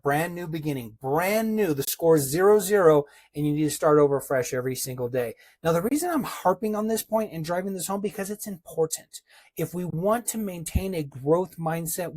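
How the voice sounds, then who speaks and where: Male motivational coach, husky and emphatic, punchy repetition, talks straight to the team. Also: a little high, darkish tone. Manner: emphatic and punchy, hammering repeated phrases; addresses listeners directly as a team. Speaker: business coach. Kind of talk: motivational talk.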